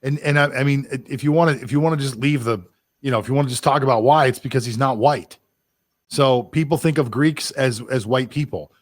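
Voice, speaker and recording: A man's voice: medium pitch, brisk, no echo. A man with a mid-range voice, co-hosting a sports chat in a blunt, opinionated way. The sound is dry and close. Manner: blunt, opinionated, jumps between thoughts. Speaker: sports podcast co-host.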